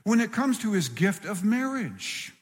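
A man's voice: high voice, big pitch swings, unhurried. A middle-aged man preaching a sermon, earnest and repeating phrases for emphasis. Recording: long hall reverb.

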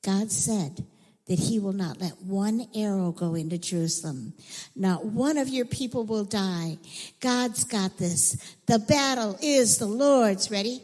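Slow, animated woman telling a Bible story. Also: mid-range voice. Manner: animated storytelling, acting out voices and whispering for effect. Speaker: children's church teacher. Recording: echoey hall.

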